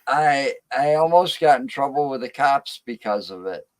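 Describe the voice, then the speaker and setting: A man's voice: mid-range voice, expressive, moderate pace, no echo. A man on a podcast casually telling anecdotes. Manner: anecdotal storytelling.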